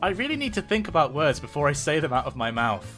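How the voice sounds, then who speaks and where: A man, a podcast co-host, in casual banter, incredulous and quick to laugh. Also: fairly high pitch, big pitch swings, fairly bright tone, faint music behind.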